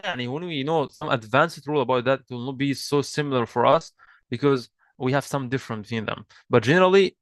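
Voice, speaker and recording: Guy teaching an online class, mid pitch, dry close sound, keeps repeating himself patiently. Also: no echo. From Egypt. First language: Arabic. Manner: patient, repeats and restarts, switches between English and Arabic. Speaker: Arabic teacher. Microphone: video call mic.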